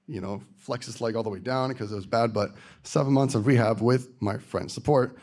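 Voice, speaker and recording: A man's voice: medium pitch, fairly quick, a little mellow. A man gives a casual, earnest personal testimony to a group and fills his speech with "like.". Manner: casual and earnest, with lots of fillers.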